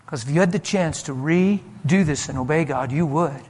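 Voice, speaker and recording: A man preaching a sermon and telling a story from his ministry, animated and emphatic, moving between loud and soft delivery. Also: on the high side, moderate pace, husky. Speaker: pastor.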